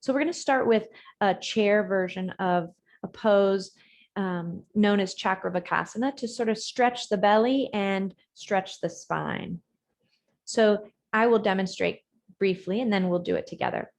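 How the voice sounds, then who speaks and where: Woman gently guiding a breathing practice. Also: mid-range voice. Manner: gentle, measured cues with soft trailing words. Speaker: yoga instructor. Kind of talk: guided breathing and yoga instruction. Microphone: video call.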